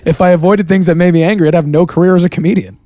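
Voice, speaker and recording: A man's voice: high voice, steady tone, rapid-fire, warm tone. A man, a comedian, ranting with sarcastic quips in a casual podcast chat. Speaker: comedian guest. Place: house.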